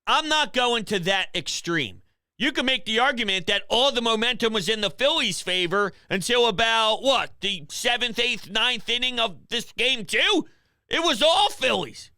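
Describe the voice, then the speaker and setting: Male call-in sports host, high gravelly voice, dejected and low-key, dry home office sound. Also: expressive, measured pace, bright, forceful tone, dry recording. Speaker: sports talk show host. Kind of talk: call-in sports talk show.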